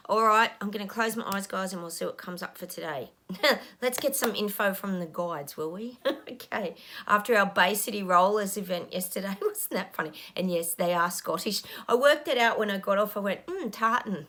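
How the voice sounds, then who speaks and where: A woman's voice: medium pitch, fairly bright tone. A middle-aged woman, a psychic talking casually to her viewers, frustrated and ranting, sometimes dropping to a whisper. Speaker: psychic channel host.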